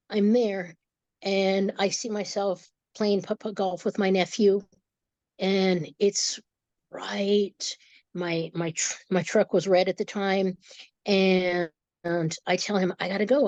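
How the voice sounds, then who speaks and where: Woman, emotional halting storytelling, slightly dull dry audio, mid pitch. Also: darkish tone, no room sound. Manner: emotional, halting, with many restarts. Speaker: guest, energy reader. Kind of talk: personal storytelling in an interview.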